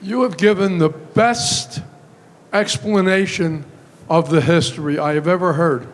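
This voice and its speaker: A man's voice: high-pitched, steady tone. A man in an audience speaks an earnest comment to a lecturer. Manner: slow, earnest praise. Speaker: audience member. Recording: echoey hall with crowd and noise.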